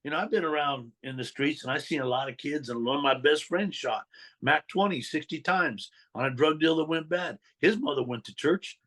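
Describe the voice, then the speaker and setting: Animated man telling stories from his past. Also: fairly high pitch, normal speed. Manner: animated storyteller who acts out the people he quotes. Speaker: guest, former mob associate and motivational speaker. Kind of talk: storytelling in an interview.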